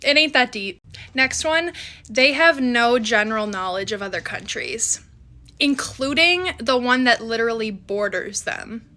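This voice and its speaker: Young woman vlogger, bright, slightly high voice, chatty and exasperated. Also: animated, a little slow. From Canada. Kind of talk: casual talking-to-camera commentary.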